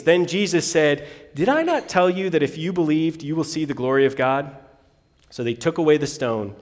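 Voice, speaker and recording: A man preaching a sermon, reading scripture aloud and swinging between loud bursts and hushed lines. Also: a little high, expressive, moderate pace, long reverb tail. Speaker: pastor.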